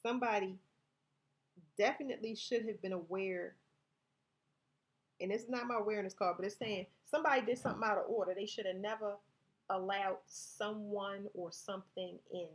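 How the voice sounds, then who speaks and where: A woman talks through a tarot spread in a loose, conversational way, addressing her viewers directly. She reads passages from her cards aloud and often stops to restart a phrase. Her voice sits at an ordinary middle pitch. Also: fairly even intonation, normal speed. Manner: reads card text aloud. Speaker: tarot reader. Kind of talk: casual tarot reading.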